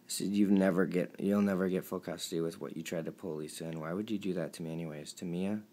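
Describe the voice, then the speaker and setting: A young man reading out a string of text messages, pleading and emotional, his voice sometimes dropping low and quiet. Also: fairly even intonation, quick pace, few pauses. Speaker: vlogger.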